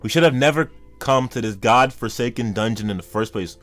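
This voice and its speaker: A man reading out the lines of wary adult hunters from a comic, in a lower, flat voice. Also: fairly quick, faint music behind, lightly acted. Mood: fed up. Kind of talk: reading comic dialogue aloud.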